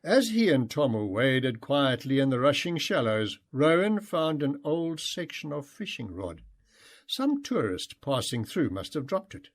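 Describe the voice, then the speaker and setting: A man narrating a memoir audiobook in an expressive storytelling manner. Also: mid-range voice, measured pace. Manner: expressive, acts out shouted and excited dialogue.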